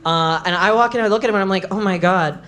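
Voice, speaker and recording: A comedic storyteller telling a live story to an audience, animated and bursting into loud shouts at punchlines. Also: female voice, mid-range voice, very fast. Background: audience laughter.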